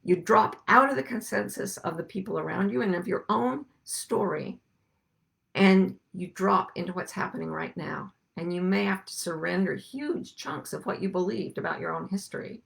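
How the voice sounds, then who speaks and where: A middle-aged woman hosting a reflective spiritual talk, speaking gently and musing, slowing down to stress her points. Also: medium pitch, vocal fry. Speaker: podcast host and life coach.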